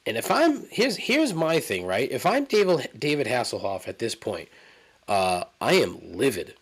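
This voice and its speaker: Animated, rambling podcast host man. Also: mid-range voice, normal speed, breathy edge. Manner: rambling, profane, incredulous storytelling. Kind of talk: casual solo monologue.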